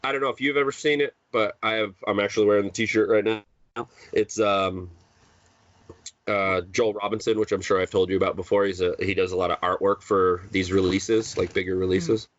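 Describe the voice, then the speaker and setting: A man's voice: lowish voice, fairly even intonation, brisk, no room sound. Rambling man on a lo-fi podcast. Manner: rambling, full of fillers and restarts. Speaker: podcast co-host. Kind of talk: casual chat. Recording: dull lo-fi sound, dry.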